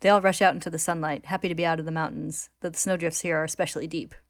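Woman narrator retelling a story, low-pitched, steady and clear, dry close recording. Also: very fast, no room sound.

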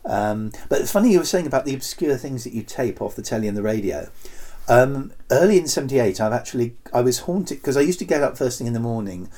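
A middle-aged man chats in a relaxed, mellow tone. He rambles, circling back with ums and half-finished restarts. His pitch stays in an ordinary middle range. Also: quick pace, few pauses. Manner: rambling, lots of ums and restarts, breaks into voices for anecdotes. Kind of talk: casual nostalgic chat.

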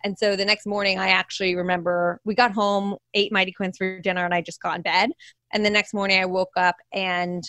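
A young woman telling a personal story in a candid, animated way as an interview guest. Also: medium pitch, brisk, dry recording.

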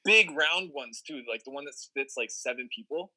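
A man recounts a story from his past in easygoing conversation. His voice is very bright and cutting, and he wanders through fillers, restarts and casual profanity as he goes. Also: medium pitch, lively intonation, moderate pace, rough recording. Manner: rambling, profane, lots of fillers.

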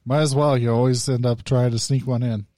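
A man's voice: mid-range voice, little pitch movement, brisk, mellow, no room sound, clean studio sound. A man co-hosting a podcast, blunt and grumbling, swearing freely in casual chat. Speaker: podcast co-host.

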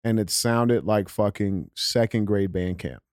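A man's voice: on the low side, measured pace, a little mellow, no room sound, studio quality. A man co-hosting a podcast, talking casually with swearing and lots of fillers. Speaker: podcast co-host. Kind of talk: casual chat.

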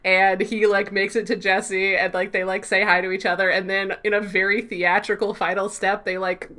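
Bright-voiced woman recapping a show. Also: mid-range voice, normal speed. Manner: animated storytelling, laughs often, acts out characters' lines. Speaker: podcast co-host. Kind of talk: casual TV episode recap chat.

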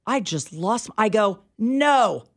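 Radio co-host, woman, middle-aged, animated storyteller with an exasperated edge. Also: mid-range voice, takes it slowly. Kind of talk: casual talk radio chat. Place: radio studio.

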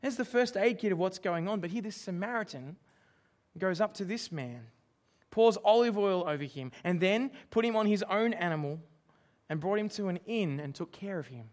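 A man's voice: sits high, animated, normal speed, a little mellow. A man preaching a sermon, emphatic and asking his listeners questions. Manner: emphatic, asks the congregation questions.

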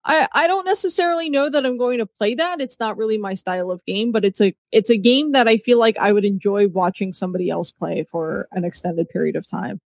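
A woman's voice: mid-range voice, a little fast, hardly any pauses, no room sound, clean studio sound. A woman co-hosting a casual podcast, speaking frankly and sarcastically with hedging fillers. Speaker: podcast co-host.

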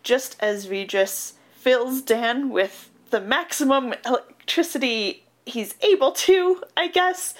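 A woman co-hosting a casual chat, recapping a film plot with lots of fillers and laughs. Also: on the high side. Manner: chatty, giggly, peppered with fillers. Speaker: podcast co-host recapping a film.

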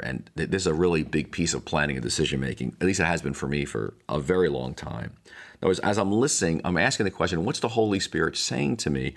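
An older man with a very deep voice talks as a pastor on his podcast. His tone is gravelly with a lot of fry. He teaches in a reflective, rambling way, often restarting his sentences. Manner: rambling, many restarts and asides.

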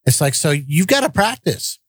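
A man's voice: fairly high pitch, big pitch swings, normal speed, breathy edge, dry recording. A man co-hosting a podcast, telling family stories in a blunt, direct way and acting out the dialogue. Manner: blunt, direct storytelling, acts out quoted dialogue. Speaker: podcast co-host. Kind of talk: casual podcast chat.

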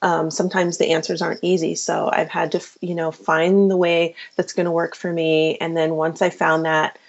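A woman's voice: low-pitched, little pitch movement, moderate pace. A woman physician answering interview questions in an earnest, casual way, with many fillers and restarts. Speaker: physician and podcast host, guest. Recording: dull lo-fi sound.

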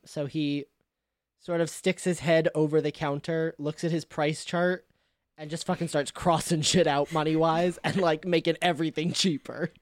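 A man's voice: on the high side, no echo, studio quality. A man playing in a tabletop game, narrating his character's actions casually and laughing often. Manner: laughing, playful. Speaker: player.

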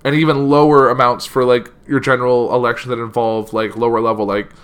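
A man's voice: medium pitch, little pitch movement, a little fast, a bit bright, smooth. A young man reading a news article aloud and giving casual opinions, with many "like" fillers. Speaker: political commentary vlogger.

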